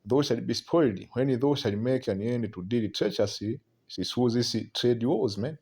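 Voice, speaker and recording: A man's voice: mid-range voice, a little mellow. Man preaching prophecy, repeating "man". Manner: keeps tagging lines with "man", halting repeats; reads scripture aloud between remarks.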